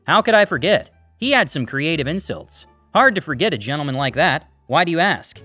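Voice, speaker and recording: Steady, polite parking officer, voiced by a male narrator, pitched low and measured. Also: no room sound, soft background music, exaggerated voice. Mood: friendly. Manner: calm, formal, polite.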